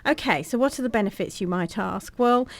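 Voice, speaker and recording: Female radio co-presenter, measured and explanatory, mid-range voice. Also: mid-range voice, lively intonation, creaky. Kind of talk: casual radio talk. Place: radio studio.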